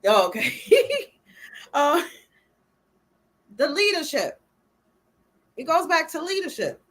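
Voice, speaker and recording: High, lively woman co-host teasing. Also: takes it slowly. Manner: teasing, laughing interjections. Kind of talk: casual chat.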